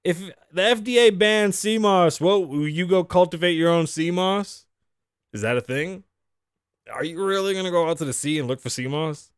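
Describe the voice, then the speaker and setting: A man's voice: high-pitched, moderate pace, clear, resonant tone, no echo, clean studio sound. A man in his thirties hosting a casual solo talk show, cursing freely, joking, laughing often and dropping in Spanish phrases. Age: 30s. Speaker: podcast host.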